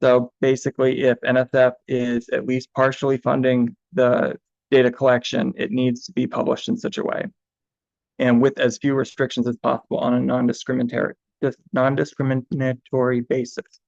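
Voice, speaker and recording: A man's voice: mid-range voice, monotone, normal speed, vocal fry, darkish tone, dry recording. A man giving a presentation on data management as information manager, talking in a hesitant way with many ums and uhs. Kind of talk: recorded presentation. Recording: dull, lo-fi sound.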